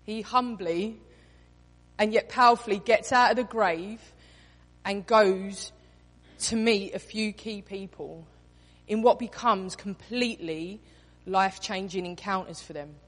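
A woman's voice: mid-range voice, measured pace. A woman preaching a sermon, telling the story expressively and acting out quoted lines in different voices. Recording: reverberant hall.

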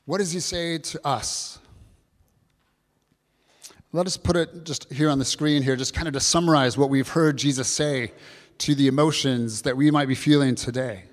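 A man's voice: fairly high pitch, steady tone, normal speed. Male pastor, earnest sermon delivery, repeats phrases, long hall reverb. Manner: earnest, repetitive preaching, addresses kids and congregation.

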